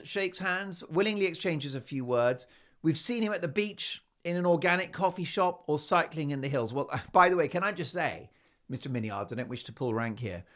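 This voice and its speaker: British male talk host, sarcastic and emphatic, higher voice with lively swings in pitch. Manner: sarcastic, emphatic, swings between loud and quiet. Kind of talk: opinionated monologue.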